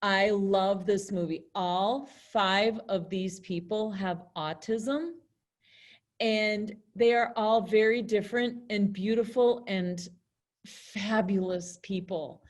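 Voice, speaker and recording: A young woman teaches a virtual class in a loose, chatty way. She keeps acting out short example lines in different tones to make her point. Her voice sits at an ordinary pitch for a woman. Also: steady tone, takes it slowly.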